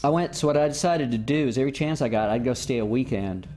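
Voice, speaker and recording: A man's voice: mid-range voice, fast talker, darkish tone, soft background music. A man from the States, a former musician telling loose, rambling stories as an interview guest. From Southern United States. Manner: rambling, loose, lots of "you know" and "like". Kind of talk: casual storytelling.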